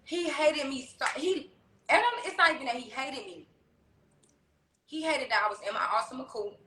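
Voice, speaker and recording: A woman rapper chatting on a livestream, telling stories in a brash, profane, animated way. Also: high voice, moderate pace, echoey room, a little hiss or hum, rough recording. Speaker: rapper on tour, guest on a livestream. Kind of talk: casual livestream chat. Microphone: phone.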